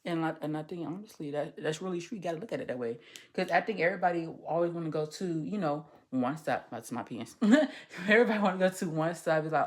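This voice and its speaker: Deep-voiced and brisk, this woman hosts a laid-back commentary podcast from a social worker's perspective. She talks candidly and loosely, cursing often and stumbling over words.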